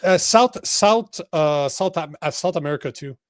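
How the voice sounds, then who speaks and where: A man co-hosting a casual political podcast, excitable and swearing often, laughing easily. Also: fairly high pitch, moderate pace, no echo, clean studio sound. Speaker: co-host.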